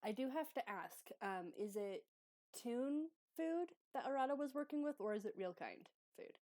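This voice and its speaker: A woman's voice: a little high, animated, moderate pace, dark tone, dry recording. A woman playing in a casual tabletop role-play, easygoing and laughing often. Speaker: player.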